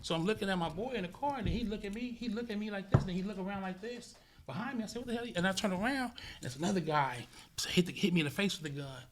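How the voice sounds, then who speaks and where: Talking very fast with few pauses, a high-pitched man appears as a podcast guest, relating a vivid, profane story casually. He acts out the sounds and shifts between loud bursts and hushed murmurs over some background noise.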